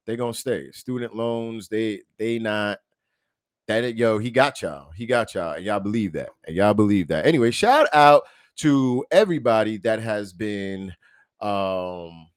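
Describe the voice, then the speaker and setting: A man's voice: lowish voice, unhurried, clean tone, no echo, clean studio sound. A man co-hosting a podcast, reading news stories aloud and breaking off into joking asides. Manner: reads headlines then breaks into loud joking asides. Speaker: podcast co-host. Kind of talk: casual chat reading news.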